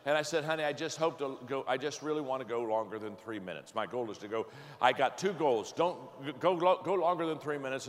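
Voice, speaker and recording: A man preaching, telling a folksy, self-deprecating story in an animated way and often restarting his sentences. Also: mid-range voice, brisk, long reverb tail, a little hiss or hum. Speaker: pastor. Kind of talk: storytelling sermon.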